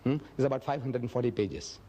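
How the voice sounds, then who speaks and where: A man's voice: mid-range voice, fast talker, mellow. A man gives a public lecture and answers audience questions. He tells stories emphatically and acts out quotes in a raised voice. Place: lecture hall.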